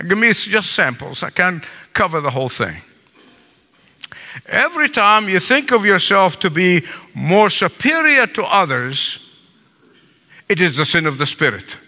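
Older preacher man, lively, hall reverb. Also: high voice, unhurried, long pauses. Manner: emphatic preaching with repetition and asides. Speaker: pastor. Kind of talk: sermon. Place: large church sanctuary.

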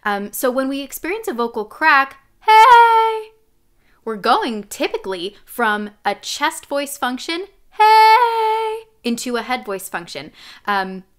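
A young adult woman teaching a live singing lesson as a vocal coach, explaining clearly and demonstrating sounds. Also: fairly high pitch, sing-song, normal speed, sharp tone.

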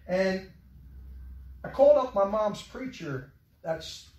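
A man preaching a sermon, telling a personal story with emotion, his voice dropping soft and rising again. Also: high-pitched, expressive, takes it slowly, pauses often, roomy sound, distant mic, low-quality recording. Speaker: pastor. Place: church sanctuary.

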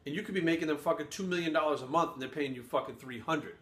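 A man's voice: a little high, quick pace, a bit bright, echoey room. A man ranting as a fitness vlogger, telling a heated story with constant swearing and blunt complaints.

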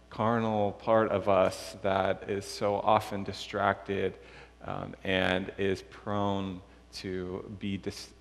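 A man preaching as a pastor, unhurried and pausing often with fillers, praying and reading scripture in a church. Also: fairly low pitch, gravelly. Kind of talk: sermon with prayer and scripture reading. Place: church sanctuary. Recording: long church reverb.

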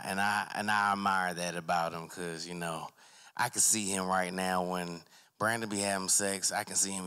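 A young man doing a loose, rambling open mic stand-up set, acting out characters in loud voices. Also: low-pitched, clean tone. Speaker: stand-up comic. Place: small arts center stage with a live audience.

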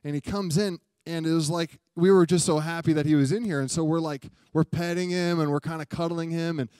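A man's voice: a little high, steady tone, brisk, darkish tone, clear, resonant tone, dry recording. A young adult man preaching a sermon, telling a story in a chatty way and often asking the congregation questions. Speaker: pastor. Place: church sanctuary.

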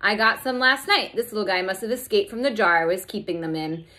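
A woman reading a storybook aloud, voicing a calm, patient schoolteacher who explains things in a soothing way. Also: medium pitch, fairly quick, lightly acted.

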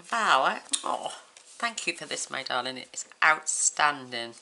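Woman craft host, low gravelly voice, unhurried and effusive, noisy room with paper crinkling behind. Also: animated, pushed and bright. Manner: gushing, effusive exclamations. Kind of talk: casual unboxing chat.

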